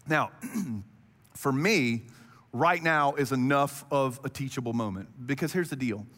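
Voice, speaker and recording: A man preaching a sermon in an animated, conversational way, often clearing his throat. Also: medium pitch, slow pace, long pauses, in a large hall. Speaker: pastor.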